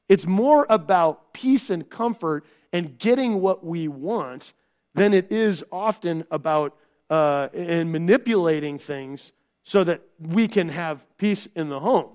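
Pastor, male, high voice, chatty preaching, lots of restarts and rhetorical questions. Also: animated, takes it slowly, darkish tone. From Minnesota. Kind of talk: sermon.

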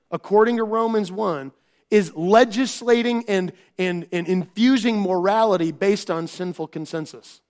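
Pastor, male, high voice, chatty preaching, lots of restarts and rhetorical questions. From Minnesota. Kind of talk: sermon.

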